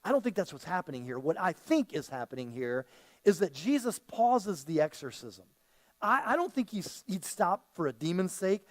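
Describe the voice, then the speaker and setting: A man preaching a sermon as a pastor, speaking in a conversational, animated way, often repeating himself and acting out quoted voices. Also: high voice, normal speed. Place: church sanctuary.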